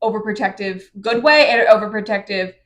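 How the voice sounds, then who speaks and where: A woman's voice: medium pitch, fairly quick, a bit bright. Chatty young woman recapping a book. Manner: chatty, full of "like" and quoted asides. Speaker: podcast co-host. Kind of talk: casual book discussion chat.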